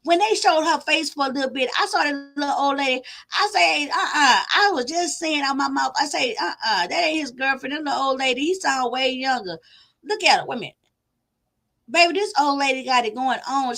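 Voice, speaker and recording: High, bright-voiced woman ranting. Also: a little fast. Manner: loud, animated, profane, laughing. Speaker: commentator reacting to a video. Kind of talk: casual reaction commentary.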